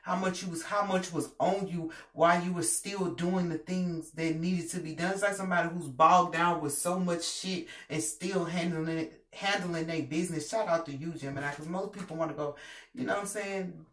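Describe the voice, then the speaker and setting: A woman giving a casual tarot reading, animated and emphatic, with plenty of profanity. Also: fairly low pitch, moderate pace. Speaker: tarot reader. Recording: roomy, distant mic, faint noise.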